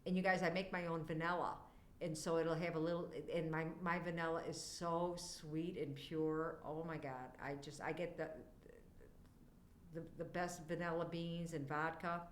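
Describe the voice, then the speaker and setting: A woman's voice: low-pitched, level tone, normal speed, a little hiss or hum. Chatty older woman streaming, echoey room. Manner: chatty, wanders off on tangents; warm, affectionate to chat viewers. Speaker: livestreamer. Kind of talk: casual live-stream chat.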